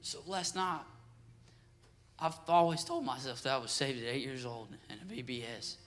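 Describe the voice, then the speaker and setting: A teenage boy giving an earnest, emotional church testimony, his voice dropping soft at moments. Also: mid-range voice, normal speed, faint music behind. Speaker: youth group member giving a testimony.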